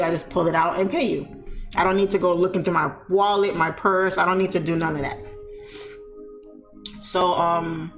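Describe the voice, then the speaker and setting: Woman, casual storytime, animated, talks to viewers, echoey room, faint music behind. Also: fairly low pitch. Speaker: vlogger telling a story.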